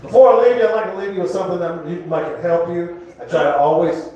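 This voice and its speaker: A man in his fifties doing a rambling stand-up set in a comedy club, now and then shouting a punchline. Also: sits high, quick pace, dull audio. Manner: rambling, jokey, breaks into shouted bits. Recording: echoey club recorded from far off. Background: laughing crowd.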